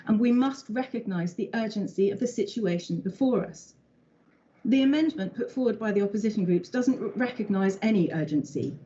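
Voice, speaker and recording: A woman speaks in a council chamber, earnest and persuasive as she argues her point. Her voice is mellow and rounded. The recording sounds dull and lo-fi. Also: medium pitch. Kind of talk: formal council debate speech.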